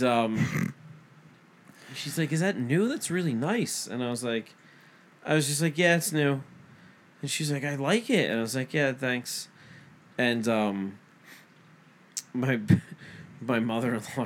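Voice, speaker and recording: With slight background noise behind him, a man in his thirties speaks at medium pitch as a podcast co-host. He retells a story in casual banter, cursing often and performing both sides of the conversation.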